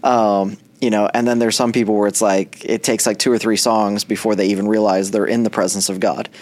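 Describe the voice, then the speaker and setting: A man who is a pastor hosting a podcast, talking in a relaxed conversation with lots of fillers and restarts. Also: lowish voice, a little fast. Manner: chatty, with many fillers and restarts. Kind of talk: casual faith podcast conversation.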